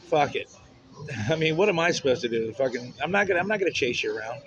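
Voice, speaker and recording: A man's voice: medium pitch, expressive, fast talker, a bit bright. Blunt, profane man venting, lo-fi. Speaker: vlogger. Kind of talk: rambling personal vent to camera.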